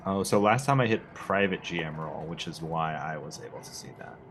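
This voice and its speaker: A man's voice: sits low, animated, fairly quick, fairly bright tone, a little hiss or hum, poor audio. A man playing a tabletop game, laid-back and jokey. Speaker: player. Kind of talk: casual tabletop game chat.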